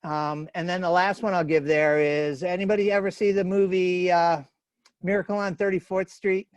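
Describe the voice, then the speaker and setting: A man from the New York area gives a casual webinar talk over a video call. His voice is fairly high for a man, and he tells folksy stories with plenty of fillers. The sound is close and dry. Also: fairly even intonation, moderate pace, no echo, highs cut off. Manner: chatty, folksy storytelling with fillers. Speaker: webinar speaker.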